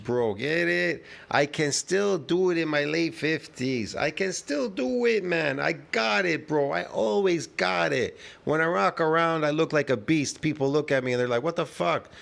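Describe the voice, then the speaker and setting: A man's voice: on the high side, vocal fry, fairly bright tone, heavily acted. A man mocking a bragging aging gym guru. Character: boastful aging male gym guru, arrogant.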